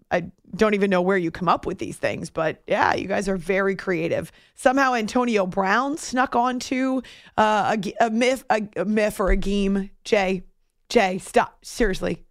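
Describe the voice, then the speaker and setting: A woman's voice: medium pitch, dry recording, clean studio sound. A woman hosting a morning radio show, chatting casually and self-deprecatingly, laughing often.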